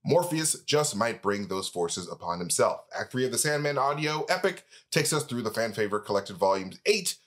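Lively man reading an upbeat ad. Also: mid-range voice, normal speed, few pauses. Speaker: host reading sponsor ads. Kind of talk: scripted ad read, then casual chat.

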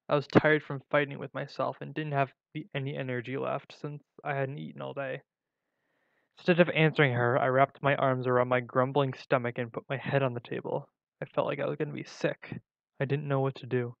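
A man reading a first-person story aloud in a plain, steady way, with small slips and restarts. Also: medium pitch, brisk, creaky, no echo. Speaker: story reader. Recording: dull lo-fi recording.

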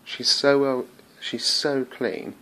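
A man chatting casually in a travel vlog, excitable and full of fillers, filming himself indoors and then outdoors on a handheld camera. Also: mid-range voice, takes it slowly. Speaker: travel vlogger. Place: hotel room, then outdoors at a castle.

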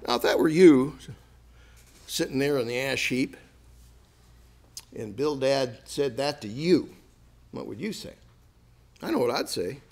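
In a church sanctuary, a pastor with a medium-pitched voice preaches a little slowly, with vocal fry and frequent pauses. His manner is lively and jokey, and he acts out sarcastic asides with laughs.

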